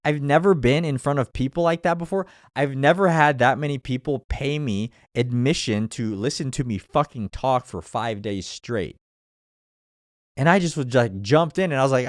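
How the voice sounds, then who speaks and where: A man's voice: a little high, sing-song, normal speed, dry recording, studio quality. A man hosting his own show, giving a blunt, profane motivational talk and laughing often. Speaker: podcast host. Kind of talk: motivational monologue.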